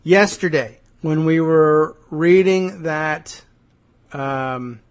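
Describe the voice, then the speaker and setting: A man's voice: on the high side, very slow. A man hosting a podcast, musing wryly through political commentary with frequent hesitations and dry asides. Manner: wry, musing, sardonic with frequent "uh" and "I guess". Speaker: podcast host.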